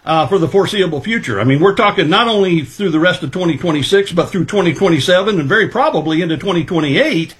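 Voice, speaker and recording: A middle-aged man answering interview questions about markets, speaking in a measured way and thinking aloud with many fillers. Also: high-pitched, lively intonation. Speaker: livestock marketing specialist guest.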